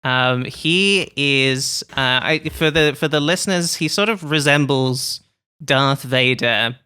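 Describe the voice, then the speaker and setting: A woman's voice: extremely low pitch, slow pace, pushed and bright, clean tone. A woman from England with an English accent co-hosting a podcast, making dry, wry jokes and laughing often. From Bath, England. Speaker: podcast co-host. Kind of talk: casual podcast chat.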